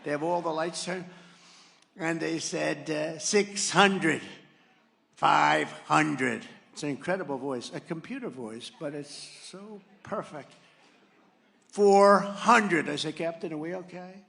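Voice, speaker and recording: An older man telling a rambling, boastful story as a rally speech, swinging from quiet asides to loud punchlines. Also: on the high side, moderate pace, gravelly. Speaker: political speaker at a rally. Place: large rally venue.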